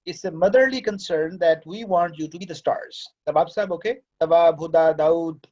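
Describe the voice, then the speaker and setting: Man, high voice, paternal lecturer, classroom, muffled lo-fi sound. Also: brisk, a little mellow. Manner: fatherly, lecturing, switches into Urdu. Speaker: course director and lecturer. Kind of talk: classroom talk to students.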